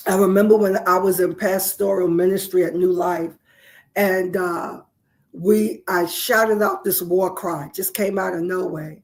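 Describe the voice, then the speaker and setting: A woman's voice: lowish voice, fairly even intonation, unhurried. A woman minister hosting a spiritual show, leading listeners through repeated affirmations and coaxing them to respond. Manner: repetitive chanted affirmations; coaxing call-and-response to viewers.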